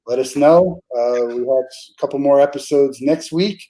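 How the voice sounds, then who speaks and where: A male podcast host with a warm, mellow tone. He talks in a relaxed, casual way and stumbles over restarts and fillers as he thinks aloud. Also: mid-range voice, normal speed, low-quality recording. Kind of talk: casual interview chat.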